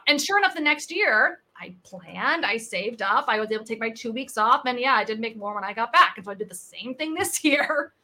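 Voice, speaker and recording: An animated American sales coach in her thirties tells stories in a podcast interview, acting out the people she quotes. Her voice is fairly high, and she talks briskly with few pauses.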